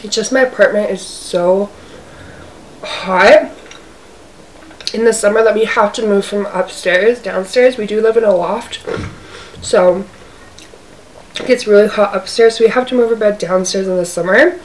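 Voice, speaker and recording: A woman's voice: mid-range voice, measured pace, long pauses. A woman chatting casually while eating on camera in her apartment, talking in a loose, rambling way full of "like". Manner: chatty, fills speech with "like". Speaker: mukbang vlogger. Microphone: camera's own mic, zoomed out. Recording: distant camera mic, faint hiss.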